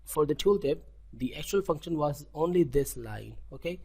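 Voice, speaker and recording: A man's voice: a little high, lively intonation, vocal fry, darkish tone, breathy edge. A man with an Indian accent walking through a coding tutorial, often restarting and correcting himself and checking in with "okay?". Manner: halting, self-correcting, repeats words, frequent "okay?". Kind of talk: screen-recorded coding tutorial.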